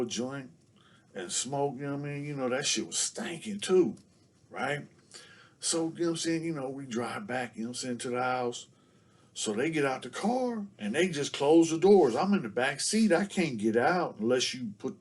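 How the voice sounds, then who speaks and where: A man's voice: mid-range voice, lively intonation, moderate pace, a little mellow. Man rambling with constant fillers. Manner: fills every phrase with "you know what I'm saying". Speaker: guest storyteller. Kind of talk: casual storytelling.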